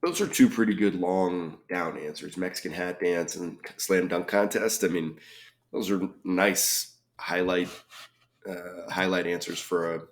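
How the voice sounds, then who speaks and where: A man solving a crossword puzzle aloud, reading clues and thinking out loud with frequent ums and muttered asides. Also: sits low. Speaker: crossword reviewer.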